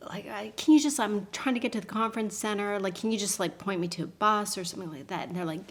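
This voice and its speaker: A woman, a podcast guest telling a personal story with lively voice shifts for the people in it. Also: mid-range voice, fast. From Canada. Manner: acts out quotes with lively voice shifts and laughs.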